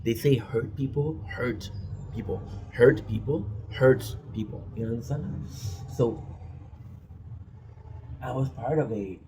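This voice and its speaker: A man's voice: medium pitch, takes it slowly, pauses often, warm tone, poor audio. A man talking candidly to his own recording in a confessional vlog, often tagging on "right?", a native French speaker, with faint noise behind. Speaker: vlogger. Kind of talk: confessional monologue. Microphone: self-recorded.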